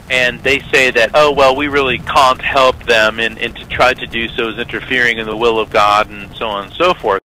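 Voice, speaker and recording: A man with a very bright, sharp voice tells his story to a radio host, animated and lively. He acts out the other people's voices as he goes. A faint noise sits under the talk. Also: medium pitch, low-quality recording. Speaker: guest, psychic medium and lawyer. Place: radio interview.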